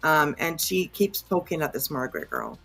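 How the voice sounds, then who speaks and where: A woman's voice: low voice, wildly swooping pitch, moderate pace, gravelly, over loud music. A woman hosting a podcast, giving blunt, indignant reaction commentary on a played clip and swearing freely. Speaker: podcast host.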